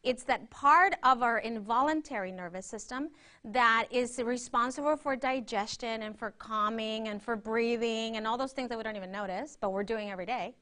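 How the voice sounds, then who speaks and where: A woman's voice: fairly high pitch, moderate pace, pushed and bright. A woman presenting a workshop, guiding a breathing exercise and teaching in a conversational way, often checking in with her listeners. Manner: interactive, keeps checking in with "right?".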